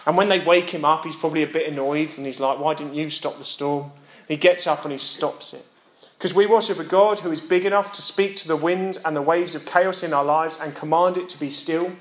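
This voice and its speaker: A man's voice: a little high, steady tone, fairly quick. A young man, a lay preacher who teaches physics, giving an earnest sermon that repeats its key lines for emphasis. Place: church hall. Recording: echoey church room.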